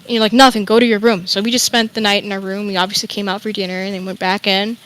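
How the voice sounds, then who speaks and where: A woman's voice: medium pitch, steady tone, fast, pushed and bright, rough recording. A young woman guest telling a candid, rambling personal story, sometimes swearing. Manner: rambling, emotional, swears freely. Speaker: interview guest.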